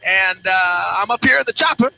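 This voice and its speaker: A man's voice: high-pitched, moderate pace, gravelly, pushed and bright, exaggerated voice, poor audio. A man playing a frantic radio traffic reporter in a helicopter, in a comedy radio sketch, breaking into shrieking panicked outbursts. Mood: chipper.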